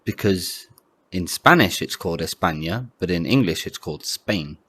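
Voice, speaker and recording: A man's voice: deep voice, animated, moderate pace, sharp tone, breathy edge. A Welsh-born man co-hosting a casual podcast chat, laughing often and restarting his sentences. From Wales. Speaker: podcast co-host.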